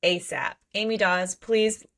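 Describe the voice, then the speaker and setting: Speaking slowly in a mid-range voice, a woman co-hosts a casual book podcast. She is animated as she recaps, performing the characters' lines herself.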